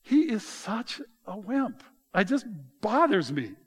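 Middle-aged man preaching, somewhat high voice, animated and mocking in asides. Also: slow, husky. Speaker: pastor. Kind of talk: sermon.

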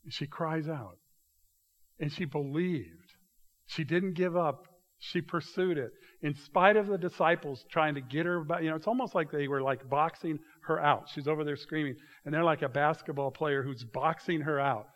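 Pastor preaching with dramatic volume swings. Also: male voice, fairly high pitch, normal speed. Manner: dramatic shifts between loud acted quotes and hushed asides. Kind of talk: sermon. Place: church.

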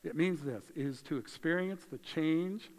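A man preaching a sermon in a conversational way, swinging between loud emphasis and hushed moments, in a church. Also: a little high, a little slow. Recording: long hall reverb.

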